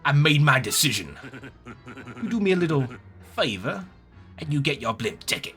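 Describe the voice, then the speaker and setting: A tough-talking gangster boss with a mob drawl, as a man puts him on for a video game. His delivery is lively and bright, and the accent drifts as he goes. Faint music sits under the voice. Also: a little high, moderate pace, pitched above the performer's own voice. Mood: menacing. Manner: tough-guy mobster drawl, shifting accent.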